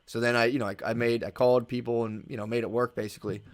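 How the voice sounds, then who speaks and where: A man's voice: medium pitch, level tone, very fast. A man guest on a podcast, chatting casually and rambling through a story, acting out his own thoughts and swearing freely. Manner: casual swearing, calls listener "dude". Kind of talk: casual conversation.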